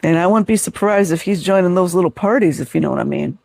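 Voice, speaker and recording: Male host, mocking and sarcastic, higher voice, dry close recording. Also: fast, gravelly, a little mellow, dry recording. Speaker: video host reading book reviews. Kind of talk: casual commentary.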